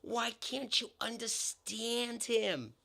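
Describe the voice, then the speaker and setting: A man voicing an exasperated woman of about ninety, shouting impatiently from the back of a shop queue. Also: very high voice, slow pace, gravelly, voice pushed up, full character voice. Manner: impatient, scolding.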